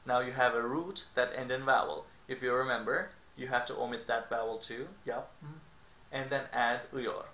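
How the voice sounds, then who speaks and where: A language teacher explains grammar in an online lesson, often pausing to ask "okay?" His medium-pitched voice is bright and forceful, recorded in an echoey room with faint background noise.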